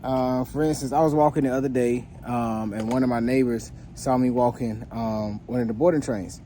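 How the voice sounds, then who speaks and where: A man who trains dogs, casually telling a story to his viewers in a relaxed, rambling way, full of fillers and restarts. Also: mid-range voice, moderate pace, slight background noise. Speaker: dog trainer.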